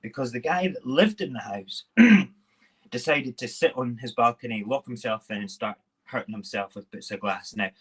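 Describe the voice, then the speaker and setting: Casual male host, mid-pitched voice, rambling and chatty with viewers. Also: moderate pace, slightly rough. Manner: chatty, rambling, talks to viewers while cooking. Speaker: live-stream morning show host. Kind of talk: casual live-stream chat.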